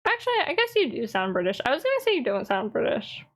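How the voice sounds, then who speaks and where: A woman's voice: fairly high pitch, huge pitch swings, quick pace, fairly bright tone, a little hiss or hum. Chatty, teasing woman streamer. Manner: chatty and teasing, answers chat, laughs often. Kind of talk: casual live-stream chat.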